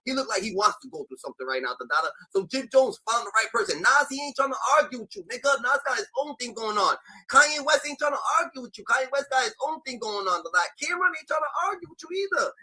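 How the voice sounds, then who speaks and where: A man giving ranting commentary, animated and profane, packed with filler sounds. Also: very high-pitched, fast talker, hardly any pauses, low-quality recording.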